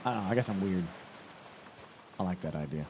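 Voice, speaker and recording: A man's voice: low-pitched, animated, a little fast, background noise. A man streaming a game live, chatting loosely with his chat, swearing and riffing on ideas as he plays. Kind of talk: casual live-stream chat while gaming.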